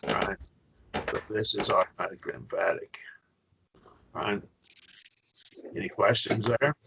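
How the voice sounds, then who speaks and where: A man's voice: fairly low pitch, unhurried, creaky, noisy background. A man teaching a Greek grammar class online, patient and questioning, with frequent okays.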